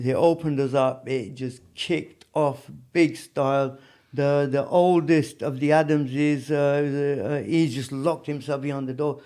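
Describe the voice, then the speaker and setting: A man telling prison stories in a casual interview, rambling with lots of "you know what I mean". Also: fairly high pitch. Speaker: podcast guest.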